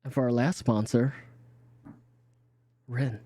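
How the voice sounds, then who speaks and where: A man's voice: medium pitch, fairly even intonation, takes it slowly, warm tone, dry recording. A man hosting as game master, reading sponsors in a rambling, casual way, with hiccups and many restarts. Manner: rambling, restarts, laughs easily. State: has the hiccups.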